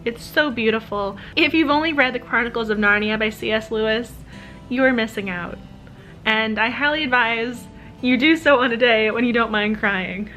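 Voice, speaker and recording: A chatty woman vlogging from home, talking in a high, bright voice. She gushes over her reading and checks in on the time as she goes. Soft music plays faintly behind her. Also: moderate pace, poor audio. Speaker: book vlogger. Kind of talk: casual reading vlog diary.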